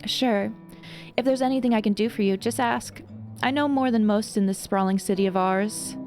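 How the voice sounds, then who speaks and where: A woman's voice: mid-range voice, moderate pace, darkish tone, faint music behind, lightly acted. A woman voicing a shrewd, cheerful tiefling tavern keeper who talks in a gossipy, chatty way.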